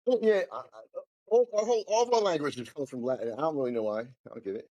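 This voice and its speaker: A man on a casual podcast who rattles his words out quickly in a laid-back, self-deprecating way. His slightly high voice sounds close and dry, with no room around it. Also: lively intonation, dark tone, dry recording, highs cut off. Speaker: podcast co-host.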